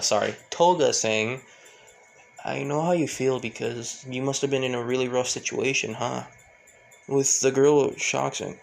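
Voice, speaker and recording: A man's voice: medium pitch, creaky. A man telling an improvised fan story, rambling and correcting himself as he loosely voices each character's lines.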